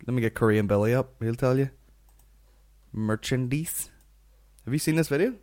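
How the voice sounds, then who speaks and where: A man's voice: mid-range voice, very fast, darkish tone. A man with a Northern Irish accent hosting a comedy podcast, rambling and swearing as he rants. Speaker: podcast host.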